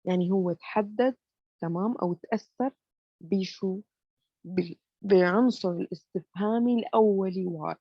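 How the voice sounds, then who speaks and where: Racing through her explanation, a mid-range-voiced English grammar lecturer takes students through the material step by step. She fills with "you know" and keeps asking "okay?" to confirm they're following. The recording lacks echo and has its highs cut off.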